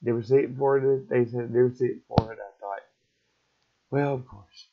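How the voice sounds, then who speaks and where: A middle-aged man telling an emotional personal story in a halting, repetitive, raw way. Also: mid-range voice, fairly even intonation, noisy background. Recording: dull lo-fi recording.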